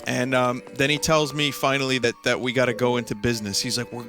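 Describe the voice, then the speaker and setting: A man telling a rambling, amused story while he streams a game, full of restarts and filler words. His voice is bright and forward, with faint music underneath. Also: medium pitch, level tone, quick pace.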